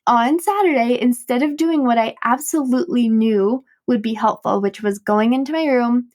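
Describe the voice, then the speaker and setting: Woman podcast host and coach, slightly high voice, casual storytelling with frequent laughs and self-mocking asides. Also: normal speed. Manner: animated retelling with quoted dialogue. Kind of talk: personal storytelling monologue.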